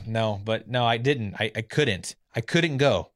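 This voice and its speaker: A man in his thirties tells his story like he's chatting with a friend. He is animated and keeps slipping into other people's voices to act out what they said. His voice sits at an ordinary middle pitch. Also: unhurried, few pauses. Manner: animated, acts out quotes of others. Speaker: former pitcher, guest. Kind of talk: casual storytelling.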